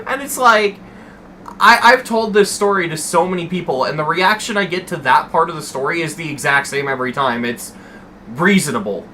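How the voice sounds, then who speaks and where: Bright-voiced young man swearing through a story. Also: a little high, normal speed, pauses often, a little hiss or hum. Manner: swears freely, animated and rambling. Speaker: streamer. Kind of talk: casual storytelling to stream chat.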